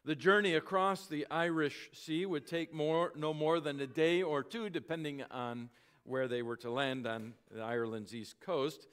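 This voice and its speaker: A male pastor preaching a sermon, telling a story with dramatic slowing and volume that sinks at phrase ends. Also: on the high side, fairly even intonation, a bit bright, clean tone.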